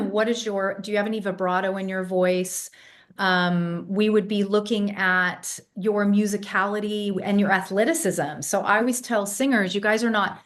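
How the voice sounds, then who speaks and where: A woman in her fifties, raised partly in England, now speaking with an American accent, talking confidently as a vocal coach in a podcast interview. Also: medium pitch. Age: 50s. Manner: confident, emphatic, fluent storyteller.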